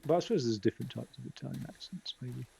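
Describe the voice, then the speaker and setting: A man's voice: medium pitch, fast, gravelly, darkish tone, a little hiss or hum, rough recording. A man streaming a game, musing wryly to himself in casual commentary. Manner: wry, musing, talks to himself while exploring. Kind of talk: casual let's-play commentary.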